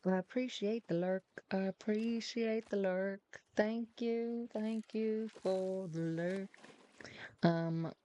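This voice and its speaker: A woman's voice: medium pitch, fairly even intonation, takes it slowly, dark tone. A woman streamer chatting casually with viewers as she plays, in a put-on Irish accent mixing Dublin with a hint of American, swearing freely and talking to her cat. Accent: put-on Irish, Dublin-ish with a hint of American. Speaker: game streamer. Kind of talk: casual gameplay chat with viewers.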